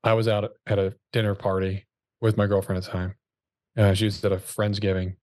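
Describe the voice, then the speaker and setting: Low-voiced man telling a casual story. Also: fairly quick, no room sound. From Dallas area, Texas. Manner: relaxed slangy storyteller, many fillers and restarts. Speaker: insurance sales agent telling his story.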